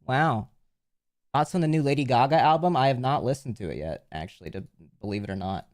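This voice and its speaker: A man's voice: medium pitch, fairly quick. Joking, rambling male streamer. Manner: jokey, rambling, reads chat aloud and thanks subscribers. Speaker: livestreamer. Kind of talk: casual livestream chat.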